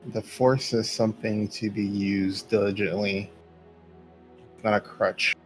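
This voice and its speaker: A man voicing a blunt, stubborn young Jedi apprentice in a slow, measured way. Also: fairly low pitch, level tone, faint music behind, rough recording.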